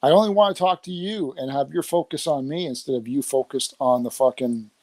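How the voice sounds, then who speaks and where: A man's voice: mid-range voice, fairly quick, darkish tone, no room sound. A man co-hosting a podcast, talking bluntly and getting defensive, with the odd swear. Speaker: podcast co-host. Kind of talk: casual chat.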